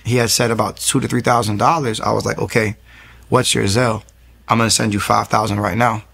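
A young pastor in his thirties, appearing as an interview guest, shares an earnest faith testimony as a story and keeps restarting his sentences. His voice sits on the low side and is gravelly and slightly rough, with a fairly bright tone. He speaks briskly with fairly even intonation.

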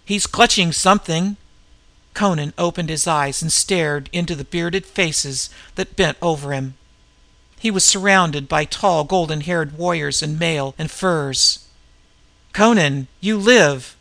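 A man narrates a pulp adventure with measured, vivid delivery. His voice sits a bit high, gravelly and bright. The recording is dry and close. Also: no room sound. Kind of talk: dramatic audiobook narration.

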